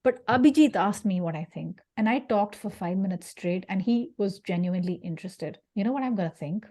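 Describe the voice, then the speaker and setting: A woman giving an animated career-coaching talk to an audience, acting out quoted voices and laughing along the way. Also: medium pitch, brisk.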